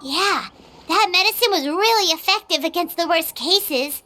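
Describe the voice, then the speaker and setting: Game companion sprite, tiny and excitable, squeaky high with bouncy swings. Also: female voice, a little hiss or hum, heavily acted. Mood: chatty. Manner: quick, chirpy, expressive. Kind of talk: video game voice acting. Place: recording studio.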